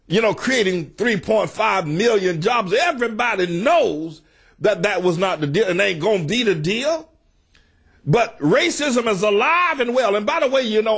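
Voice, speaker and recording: A man preaches with a husky, raised voice that climbs high and swings widely in pitch. He shouts his points in a fiery political sermon, like a pastor at a pulpit.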